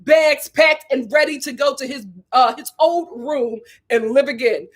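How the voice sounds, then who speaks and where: A woman hosting a live stream, giving sassy, animated commentary on a reality show and talking straight to her viewers. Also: sits high, measured pace. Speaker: live show host reviewing a reality series.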